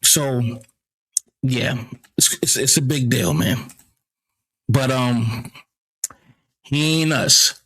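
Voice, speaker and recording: A man's voice: medium pitch, extremely slow, long pauses, fairly bright tone, husky. A man from the United States hosting a casual commentary show, blunt and profane, often stammering and repeating himself. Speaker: commentary channel host.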